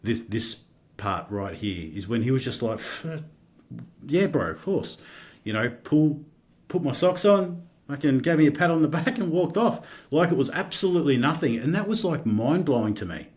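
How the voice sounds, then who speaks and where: Halting, candid Australian man. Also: medium pitch, expressive, darkish tone. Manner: halting, with many restarts and casual swearing. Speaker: podcast guest. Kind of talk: candid personal storytelling in a podcast interview.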